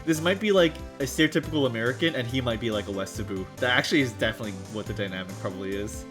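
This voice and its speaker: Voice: medium pitch, racing. Laughing streamer over game music. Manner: laughing, self-deprecating asides. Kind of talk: casual game commentary.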